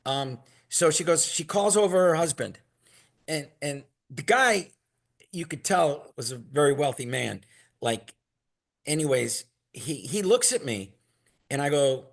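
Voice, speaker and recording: A man telling a long, rambling story in a casual, animated way and acting out what others said. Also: fairly high pitch, measured pace, creaky. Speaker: product maker telling stories as a guest.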